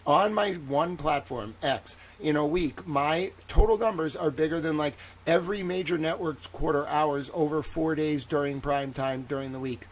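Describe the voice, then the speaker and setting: Excitable, rambling male livestreamer. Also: a little high, normal speed, hardly any pauses, slight background noise. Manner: excitable, rambling and jokey, with frequent swearing. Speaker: livestream commentator on a trial. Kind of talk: casual livestream commentary.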